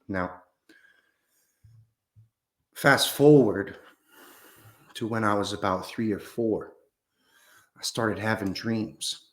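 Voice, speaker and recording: A man playing a grandiose, rambling mystic who muses slowly and solemnly in a comedy sketch. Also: lowish voice. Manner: slow, solemn pseudo-scientific musing, drawn-out pauses. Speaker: guest in a parody interview.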